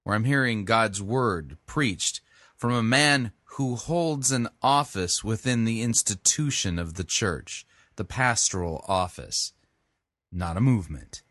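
A man's voice: fairly low pitch, expressive, a little slow, a bit bright, no room sound. A man commenting critically and sarcastically on a sermon clip he is playing. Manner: sarcastic, dry.

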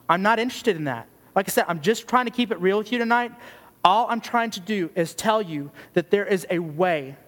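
A man preaching as a youth pastor, blunt, earnest and conversational, peppered with casual "like"s. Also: high-pitched. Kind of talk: sermon. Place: church youth gathering hall. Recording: long hall reverb.

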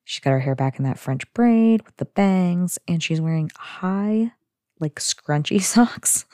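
A woman's voice: lowish voice, animated, a little slow, dark tone, no echo, clean studio sound. A woman hosting a podcast, chatting casually through a sitcom recap with lots of fillers and giggly asides. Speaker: podcast host.

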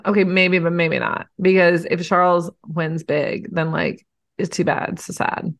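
Gushing, animated woman chatting casually. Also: fairly low pitch, normal speed, gravelly. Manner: gushing, animated, swears casually, rises into squeals when indignant. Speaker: podcast co-host. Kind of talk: casual chat about motor racing. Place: home, with a snoring dog nearby.

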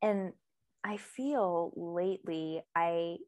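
A young woman co-hosting a casual podcast chat, talking quickly with lots of fillers and laughing easily. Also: lowish voice, darkish tone, no echo. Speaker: podcast co-host.

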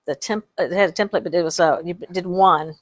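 A woman's voice: on the low side, fairly quick. Chatty storytelling middle-aged woman. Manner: laughs often while telling stories, restarts sentences. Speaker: podcast co-host. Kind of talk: casual storytelling chat.

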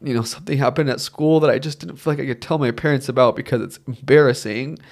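A man's voice: mid-range voice, fast, vocal fry. Male podcast co-host, casual film review chat, earnest, emotional, meandering. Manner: earnest, emotional, rambling with many fillers.

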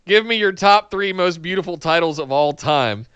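A man's voice: fairly high pitch, expressive, moderate pace, a bit bright, smooth, no echo, lo-fi sound. A man co-hosting a podcast in casual chat, rambling enthusiastically and reading out listener questions. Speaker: podcast co-host.

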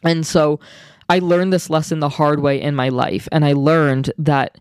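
A young man chats alone on his podcast, bubbly and quick to get excited, with plenty of slang and fillers. His voice sits a little high for a man. The sound is dry and close, with no room echo. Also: smooth. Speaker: podcast host. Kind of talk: casual solo podcast chat.

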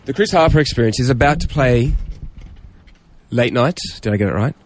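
A man's voice: medium pitch, lively intonation, a little fast. A man hosting a casual radio show, telling stories chattily and laughing often. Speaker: radio host.

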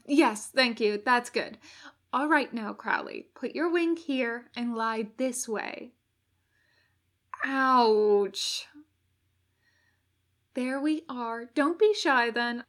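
A woman voicing a fussy male angel who coaxes and reassures gently. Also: a little high, measured pace. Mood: fussing. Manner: coaxing, gently bossy.

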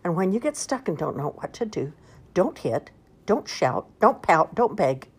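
An older woman reading picture books aloud to a child in an expressive, sing-song way. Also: unhurried, husky. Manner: sing-song, expressive read-aloud with lively pitch swings. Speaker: storyteller.

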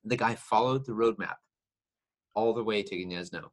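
A man's voice: on the low side, normal speed. A man chatting casually and telling stories, often laughing. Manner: laughs often, relaxed storytelling. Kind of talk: casual chat.

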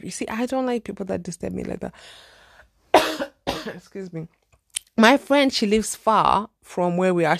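A young woman from Zimbabwe with a Zimbabwean accent, hosting a podcast and telling a dating story in a chatty, animated, exclamatory way. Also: on the low side, vocal fry, no echo, clean studio sound. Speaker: podcast host. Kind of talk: casual storytelling monologue.

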